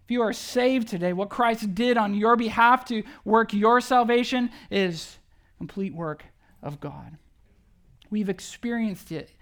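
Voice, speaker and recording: Animated conversational preacher. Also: medium pitch, unhurried. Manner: conversational preaching with many rhetorical questions; animated, acts out quoted speech. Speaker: pastor. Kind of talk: sermon.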